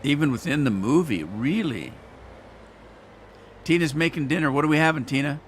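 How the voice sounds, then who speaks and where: A man's voice: fairly high pitch, moderate pace, slight background noise. A man hosting a gaming channel, chatting casually and rambling in a folksy way while he plays. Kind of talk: casual let's-play commentary.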